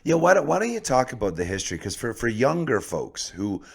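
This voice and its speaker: A man hosting a podcast, talking in a casual, joking way with a hoarse voice. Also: mid-range voice, very animated, brisk. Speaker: podcast host.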